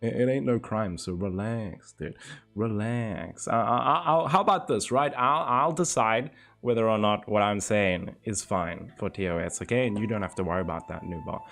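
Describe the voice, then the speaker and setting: A man's voice: on the low side, vocal fry, fairly bright tone. Laid-back swearing young man streaming. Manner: laid-back, swears a lot, spins stories with quick voice impressions. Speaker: game streamer. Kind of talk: casual live-stream chat.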